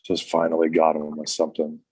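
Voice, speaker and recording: A man's voice: extremely low pitch, completely flat delivery, a little fast, darkish tone, slightly rough, dry recording. A man, a former wrestler, telling casual stories as a podcast guest, full of "like" and restarts. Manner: rambling, heavy use of "like".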